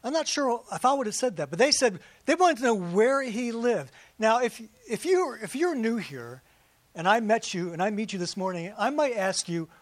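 With no room sound and a close, dry capture, this recording features a pastor whose voice is high-pitched. His sermon is relaxed and conversational, with a steady stream of rhetorical questions and quick asides to the congregation.

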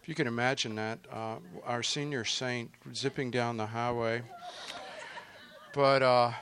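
A middle-aged man leading a congregation gathering, telling anecdotes casually with a halting, chuckling delivery and many fillers. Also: medium pitch, steady tone, fairly bright tone, a little hiss or hum.

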